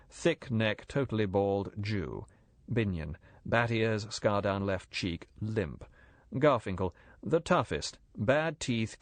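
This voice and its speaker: Male narrator, low and dry, measured thriller read. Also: no echo. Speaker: audiobook narrator. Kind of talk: scripted narration.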